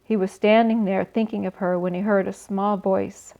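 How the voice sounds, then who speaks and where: A woman reading a children's book aloud in a gentle, expressive way, adding small asides for her listeners. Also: medium pitch, moderate pace. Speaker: storyteller. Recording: slightly dull recording.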